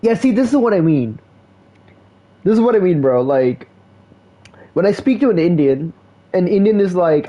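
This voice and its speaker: A man chats casually on a live stream, laid-back and slangy, leaning on "bro" and "like." His voice sits a little high but sounds very dark and mellow. The sound comes through a muffled, lo-fi mic. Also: expressive, moderate pace, pauses often. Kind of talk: casual rambling stream chat.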